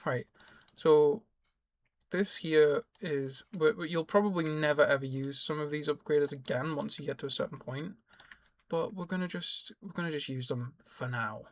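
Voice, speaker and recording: A man's voice: a little high, normal speed. A young man giving casual, rambling gameplay tutorial commentary, correcting himself as he explains. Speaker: gaming YouTuber.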